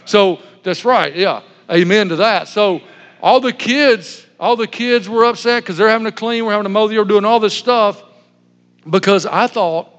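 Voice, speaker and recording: A man's voice: high-pitched, normal speed, fairly bright tone, muffled recording. A man pastor giving a sermon, telling stories in a humorous, self-deprecating way. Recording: long hall reverb.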